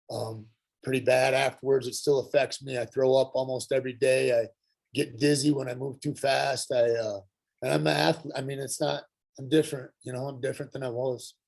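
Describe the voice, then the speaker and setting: A middle-aged man shares his recovery story in an earnest, halting way. His voice is gravelly and husky, and his pitch sits mid-range for a man. He pauses often and restarts his sentences as he talks. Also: a little mellow. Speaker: workshop speaker sharing his story. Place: Santa Fe.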